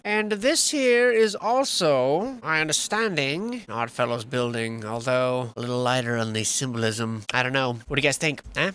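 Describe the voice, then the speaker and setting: A man's voice: medium pitch, pushed and bright. A man giving casual, wry, rambling commentary over old photos, often playfully sarcastic. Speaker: history vlogger.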